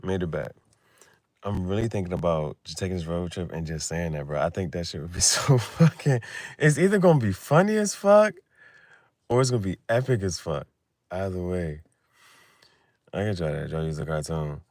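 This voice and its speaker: A man's voice: low-pitched, lively intonation, fairly quick, no echo, studio quality. Slangy young man, loose late-night chat. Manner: loose slangy talk, laughs often, swings from loud to mumbled. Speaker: vlogger.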